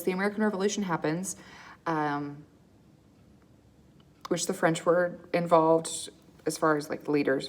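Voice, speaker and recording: A woman with a low voice gives a recorded history lecture. She talks casually, keeps checking in with her students by asking "okay?" and "right?", and fills pauses with ums and false starts. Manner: frequent ums and uhs, restarts. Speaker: history teacher.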